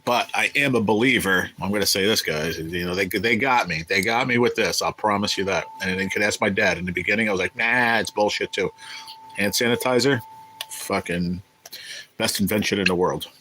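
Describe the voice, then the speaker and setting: A man's voice: low voice, fairly quick, sharp tone, a little hiss or hum, rough recording. A man hosting a casual livestream, rambling and swearing as he answers viewers in the chat. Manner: rambling, profane, chatty with viewers. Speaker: livestream host reading chat.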